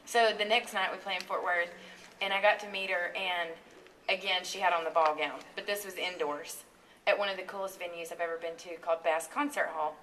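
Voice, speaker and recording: A woman singer as a radio interview guest, talking in a chatty, animated way and laughing often. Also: mid-range voice, normal speed, far from the mic, rough recording. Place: radio studio.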